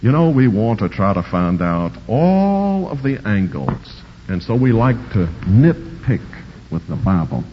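A man's voice: fairly low pitch, sing-song, a little slow, a little hiss or hum. Emphatic preacher man in a reverberant hall. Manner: emphatic, repeats key words with swelling force; scholarly, explains Greek grammar. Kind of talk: sermon expounding scripture. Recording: dull lo-fi recording with long hall reverb.

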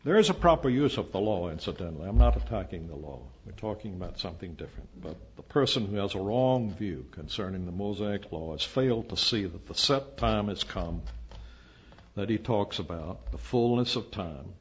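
An older man preaching a sermon, lecturing emphatically and often rising to loud declamation. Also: on the low side, animated, normal speed, slight background noise. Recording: dull lo-fi recording.

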